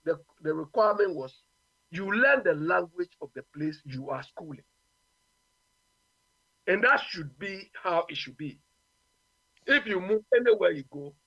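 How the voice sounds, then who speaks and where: Ghanaian man, high lively voice, emphatic radio talker, dry muffled line. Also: no room sound. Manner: emphatic, repeats "you understand?". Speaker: radio guest. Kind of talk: opinionated radio talk.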